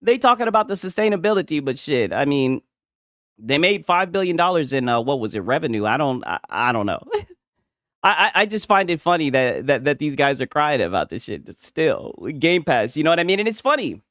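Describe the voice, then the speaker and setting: A man's voice: fairly high pitch, big pitch swings, fairly quick, a bit bright, no echo, studio quality. A man hosting casual gaming commentary from a home setup, talking in a profane, mocking way and laughing often.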